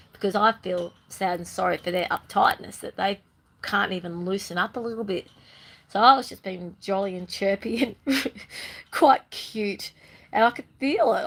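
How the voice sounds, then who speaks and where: A bubbly woman chatting on camera in a loose, rambling monologue. Her voice sits in a middle pitch, and now and then she breaks into playful sing-song bursts. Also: slightly rough, rough recording. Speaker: spiritual vlogger. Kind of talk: casual monologue.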